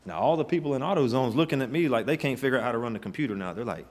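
A man's voice: mid-range voice, racing, darkish tone. A man preaching a sermon, telling stories in a folksy, emphatic way with rising bursts. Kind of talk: sermon with storytelling.

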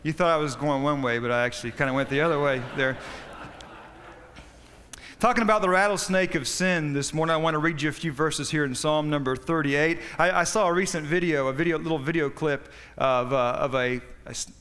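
A pastor preaches a sermon, telling stories in a folksy, halting way. His voice sits a little high for a man. A long reverb hangs after his words, as in a large church. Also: a bit bright, a little hiss or hum.

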